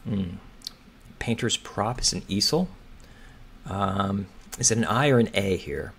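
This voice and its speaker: Slow, hesitant man thinking aloud. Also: fairly low pitch, fairly bright tone, a little hiss or hum. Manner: hesitant, muttering, questioning. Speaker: crossword solver. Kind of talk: thinking aloud while solving.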